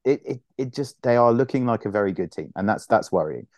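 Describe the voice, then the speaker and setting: A man's voice: medium pitch, lively intonation, brisk, darkish tone, no echo, dull audio. A man, co-hosting a casual sports podcast, rambling with frequent restarts and swearing. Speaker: podcast co-host.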